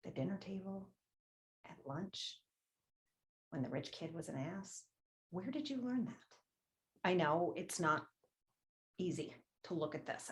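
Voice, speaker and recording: A woman leading a money-mindset workshop, candid and emphatic, swearing casually and repeating a prompting question. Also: low voice. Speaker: workshop leader. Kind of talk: motivational workshop talk.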